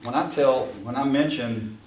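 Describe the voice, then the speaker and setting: A man's voice: mid-range voice, normal speed, darkish tone. A man with an Appalachian accent teaching a Bible class in a folksy way, with frequent fillers and restarts. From American South. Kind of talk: classroom lecture. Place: empty classroom. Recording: echoey room, camera far off, faint ambient noise.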